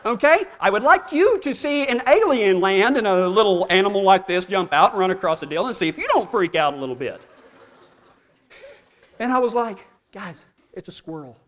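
A man from Texas with a drawl preaching a sermon, telling folksy stories and swinging from hushed asides to shouts. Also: high voice, big pitch swings, brisk, hardly any pauses. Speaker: pastor.

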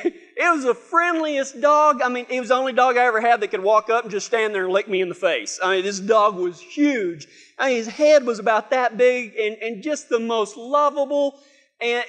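A man's voice: sits high, bright, forceful tone. A man preaching a sermon from a church stage, opening with a humorous, folksy story and acting out the voices in it. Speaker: pastor.

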